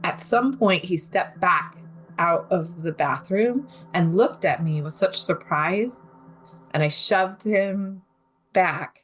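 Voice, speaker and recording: Young adult woman guest, lower pitch, recounts her ordeal frankly with light nervous laughs; soft music bed. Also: slow, slightly rough. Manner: candid, vivid retelling with nervous laughs. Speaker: guest telling her survival story. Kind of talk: personal story in an interview.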